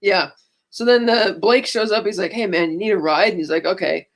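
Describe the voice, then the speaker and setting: A woman's voice: medium pitch, fairly quick. Podcast lady chatting thru a movie recap, offhand quotes, easygoing. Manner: retells a film plot, breezily quoting characters. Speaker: podcast co-host. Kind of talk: casual chat.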